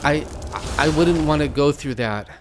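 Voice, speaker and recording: A man hosting a game video who preaches between moves, unhurried and repeating his phrases like a sermon. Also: a little high, noisy background. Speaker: gaming channel host. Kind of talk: gameplay commentary mixed with preaching.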